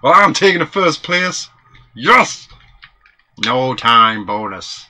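A man playing a retro video game with a friend, excitable and swearing often, with sudden high squeals. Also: slow, slight background noise. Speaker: gamer. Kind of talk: casual co-op let's play banter.

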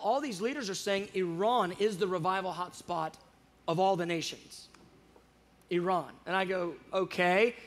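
A man telling a personal faith story in casual chat, animated and acting out the dialogue, with frequent restarts. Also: high voice. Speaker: guest speaker on prayer show.

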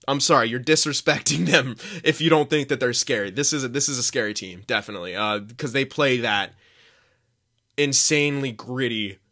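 A young man talks through his playoff predictions in an excitable, rambling way, often restarting his sentences. His voice is bright and forceful at an average pitch, and he throws in the odd swear word. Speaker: hockey vlogger.

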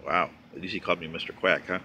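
A man's voice: low-pitched, fairly even intonation, quick pace, pushed and bright, slightly rough. A man giving a sarcastic, mocking political commentary, reading and answering viewer letters.

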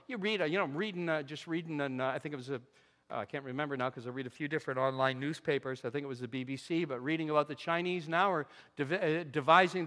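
A man with a high voice delivers a lively, conversational sermon, punching some phrases loudly and dropping others to near-murmurs. The sound carries a long reverb, as if from a church sanctuary. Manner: animated, conversational preaching with sudden drops to quiet asides. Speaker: pastor.

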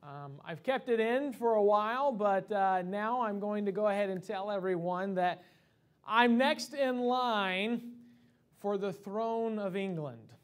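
High-voiced preacher giving a sermon. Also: male voice, measured pace. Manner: conversational preaching with many fillers and restarts. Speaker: pastor. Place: church sanctuary.

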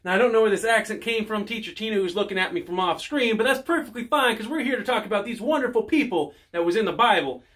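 A man doing calm accented Sunday-school teacher. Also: fast, few pauses. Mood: storytelling. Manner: low, mellow storytelling. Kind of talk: kids church lesson role-play.

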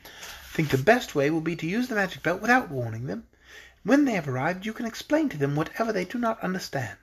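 A man's voice: sits high, very animated, fast talker, breathy edge, heavily acted. A man reading a storybook aloud, voicing a kindly fairy girl ruler who speaks in a gracious, formal way.

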